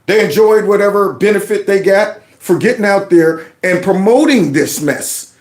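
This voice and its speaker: A man hosts his own commentary show, reacting to clips with animated sarcasm. His voice sits high for a man. It rings around a roomy, echoing space. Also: moderate pace. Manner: animated, sarcastic, mocks others in put-on voices. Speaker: host reacting to news clips. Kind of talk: opinionated commentary. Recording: roomy echo.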